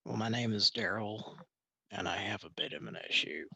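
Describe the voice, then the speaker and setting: A man's voice: fairly low pitch, moderate pace, gravelly, sharp tone, slightly rough, no room sound. A man making a prank phone call, hesitant and mock-confused. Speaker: prank caller, co-host.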